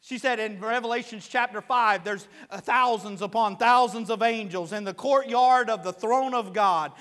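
High-voiced pastor preaching in a hall. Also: male voice, moderate pace. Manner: conversational preaching that swells to loud emphatic peaks. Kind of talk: sermon. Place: church sanctuary.

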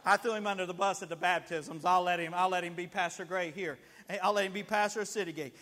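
A man's voice: high voice, steady tone, fast talker, pushed and bright, big-room sound. A man preaching a sermon as pastor, telling stories and acting out the people in them. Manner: storytelling preacher, acts out scenes with rising emotion. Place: church sanctuary.

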